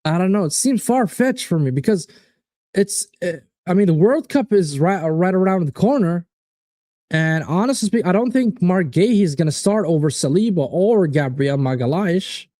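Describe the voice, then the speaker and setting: A man's voice: high-pitched, moderate pace, dry recording. Fired-up man hosting a football watchalong. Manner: animated, swearing, reads out chat predictions. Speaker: watchalong host. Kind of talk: casual live-stream football chat.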